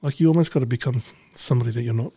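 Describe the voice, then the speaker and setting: A man's voice: medium pitch, rapid-fire, dark tone, husky, no echo. A man, a businessman guest in a casual podcast chat, talking bluntly, swearing freely and acting out little exchanges. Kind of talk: casual conversation.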